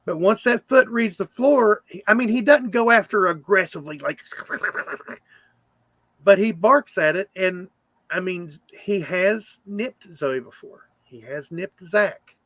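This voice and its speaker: Hosting a casual livestream chat on his channel, a man rambles with lots of fillers. His voice is high and fairly bright, a little slow, and there's no echo.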